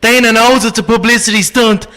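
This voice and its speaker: A man's voice: very high-pitched, fairly even intonation, fairly quick, pushed and bright. An Irish man voicing a brash, cocky fighter who brags and trash-talks. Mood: boastful. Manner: boastful, swaggering trash talk. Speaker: comedian doing an impression.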